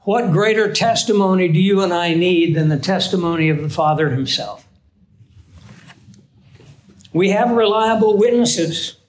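A man's voice: sits high, measured pace, long pauses, reverberant, poor audio. A man teaching a Bible lesson in an earnest, conversational sermon style, often asking his listeners questions.

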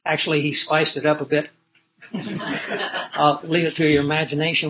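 A middle-aged man preaching a sermon in an earnest storytelling way, swinging between loud emphasis and low asides. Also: little pitch movement, moderate pace, background noise.

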